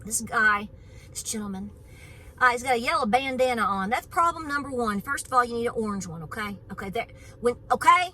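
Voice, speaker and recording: Bright, chatty East Tennessee woman. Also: fairly high pitch, fairly quick, slight background noise, poor audio. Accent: East Tennessee Southern. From Knoxville, Tennessee, USA. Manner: chatty, folksy and outspoken. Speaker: homestead channel host. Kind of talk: casual vlog chat to camera. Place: on her farm, about to go for a run.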